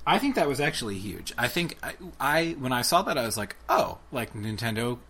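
A young man co-hosting a casual tech podcast, talking excitedly and rambling with lots of restarts. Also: mid-range voice, quick pace, breathy edge. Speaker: podcast co-host.

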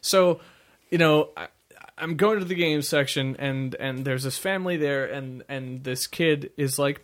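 A man chatting casually as a podcast co-host, telling an animated story and slipping into impressions. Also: measured pace. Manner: animated storyteller, jumps into shrill impressions of people. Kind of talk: casual chat.

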